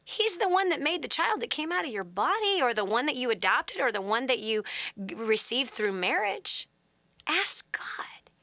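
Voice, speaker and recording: A woman in her forties hosting a call-in advice show, telling stories animatedly and dropping to hushed whispers for emphasis. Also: high voice, normal speed, no room sound. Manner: animated storyteller, dramatic swings to hushed whispers. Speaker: host.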